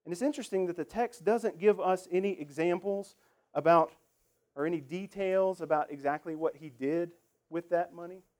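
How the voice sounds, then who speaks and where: A man's voice: high voice, normal speed, darkish tone. A man preaching a sermon in a conversational, emphatic way, acting out the lines he quotes. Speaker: pastor.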